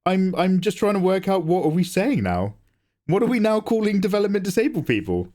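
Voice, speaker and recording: A man's voice: high-pitched, big pitch swings, a little fast, darkish tone. A young man hosting a live drawing stream, chatting casually, joking, swearing and answering chat as he draws. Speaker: livestream host, artist.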